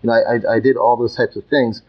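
A man's voice: medium pitch, flat delivery, fast talker, breathy edge, muffled recording. A man talking as a podcast guest, emphatic and repeating words as he works toward his point. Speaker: guest, youth coach. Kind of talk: conversational podcast interview.

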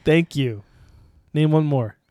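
A man's voice: a little high, slow pace, very noisy. A man co-hosting a casual talk show, teasing his partner with dry banter. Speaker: podcast co-host. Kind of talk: casual chat.

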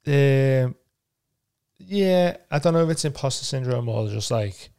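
A man's voice: medium pitch, expressive, measured pace, gravelly, mellow, clean tone. A man co-hosting a podcast, a comedian in casual chat, self-deprecating and rambling with lots of fillers.

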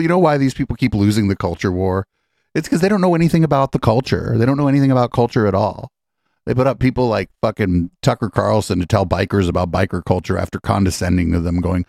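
A man's voice: lowish voice, fast talker, gravelly, a little mellow, no echo, clean studio sound. A man hosting a podcast, mocking and profane, reacting incredulously to political clips. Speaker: podcast host. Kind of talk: sarcastic political commentary on clips.

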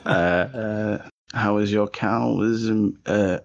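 A man's voice: fairly low pitch, steady tone, extremely slow, creaky, exaggerated voice. A man putting on a boastful French villager. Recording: lo-fi podcast audio.

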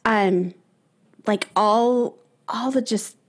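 A young adult woman, a runner and guest, speaking earnestly and hesitantly in casual conversation, with pauses and restarts. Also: on the high side.

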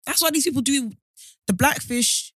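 A woman co-hosting a podcast, chatting casually and animated with strong opinions. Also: high-pitched, moderate pace, dry recording, studio quality. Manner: animated, opinionated, laughs often. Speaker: podcast co-host. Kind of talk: casual chat.

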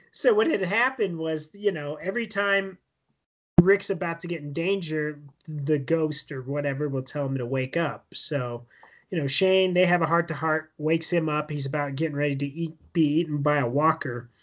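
A man's voice: a little high, normal speed, fairly bright tone. A man co-hosting a podcast, casually recapping a TV episode in a rambling way full of fillers. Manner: rambling, filler-heavy storytelling with laughs. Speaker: podcast co-host. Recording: dull lo-fi podcast audio.

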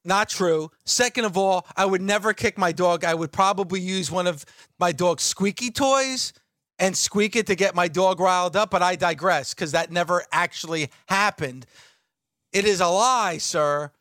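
A man's voice: high voice, normal speed, fairly bright tone, dry recording, clean studio sound. A man co-hosting a talk radio show, defensive and insistent, repeating his points in heated banter.

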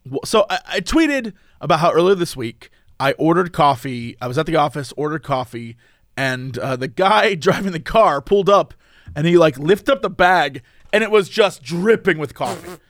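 Co-hosting a relaxed podcast conversation, a man tells stories with animation and performs other people's quotes. He speaks at a moderate pace with a fairly high pitch, in a dry, studio-quality recording.

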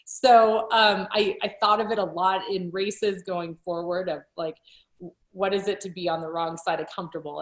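A woman cycling coach and author talking casually in an interview, chatty, with frequent laughs, fillers and restarts. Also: fairly low pitch. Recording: roomy echo.

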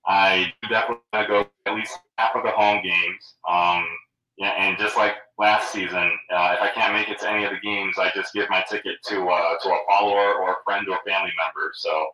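A middle-aged man talks casually as a show guest, pausing often with ums and restarting his sentences. His low voice has a bright, forceful edge. He sounds set back from the mic in a roomy space. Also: fairly even intonation. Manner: hesitant, many ums and restarts. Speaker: guest super fan. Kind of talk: casual chat. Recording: roomy echo, distant from the mic.

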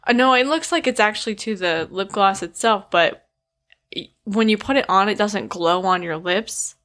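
A woman's voice: mid-range voice, normal speed. Chatty woman podcast host. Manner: chatty, laughs often, reads out shout-outs. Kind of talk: casual podcast chat.

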